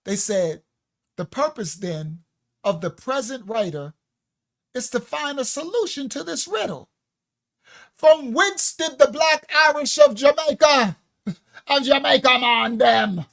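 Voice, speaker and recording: Slow, emphatic livestream preacher man. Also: very high voice, lively intonation, creaky, fairly bright tone. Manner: emphatic, preachy, reading from books with laughing asides. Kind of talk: livestream teaching.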